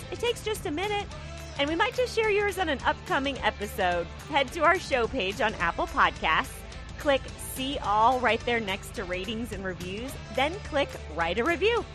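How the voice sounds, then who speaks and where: A woman co-hosting a podcast, reading listener reviews aloud in a friendly way. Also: on the high side. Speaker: podcast co-host.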